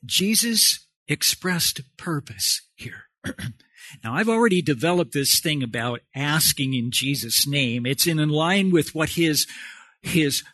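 A man's voice: fairly high pitch, animated, slow, sharp tone, dry recording. A man preaching a sermon as pastor, emphatic and repetitive, putting questions to the congregation.

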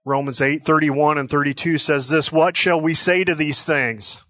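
A man's voice: fairly high pitch, fairly even intonation, pushed and bright, dry recording. Earnest male preacher, dry close sound. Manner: earnest, slows for emphasis on quoted scripture. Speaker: pastor. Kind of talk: sermon.

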